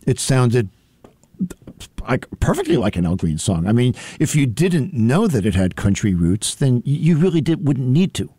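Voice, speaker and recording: A man's voice: medium pitch, very animated, normal speed, dark tone, breathy edge, no echo, studio quality. A man hosting a music program, talking through songs in a thoughtful, conversational way with frequent fillers and restarts. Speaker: music radio host.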